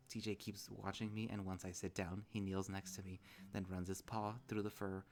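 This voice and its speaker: Low-voiced man reading a story casually. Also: level tone, moderate pace, darkish tone. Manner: casual, self-commenting. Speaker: visual novel reader. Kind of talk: reading a visual novel aloud.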